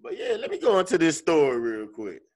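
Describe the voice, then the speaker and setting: A man's voice: a little fast, gravelly. A man co-hosting a podcast, telling a story in casual, profane chat and acting out his own reactions. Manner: animated, profane, acts out his own lines in a higher voice. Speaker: podcast co-host.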